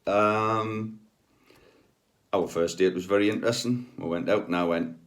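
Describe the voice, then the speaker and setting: A man's voice: fairly low pitch, a little slow. A middle-aged man, a healer telling personal stories in a chatty, rambling way with many ums and asides. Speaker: spiritual healer. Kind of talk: casual anecdotal storytelling.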